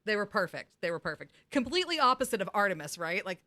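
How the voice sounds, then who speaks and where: A woman podcast host recapping a TV episode in casual chat, animated, laughing often and slipping into impressions. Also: medium pitch, fast talker.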